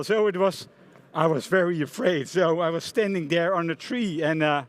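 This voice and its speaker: A middle-aged man with a Dutch accent gives a conference talk, telling a story in an animated way with many hesitations and restarts. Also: on the high side, normal speed. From Netherlands. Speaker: conference speaker, front-end architect. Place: conference hall stage.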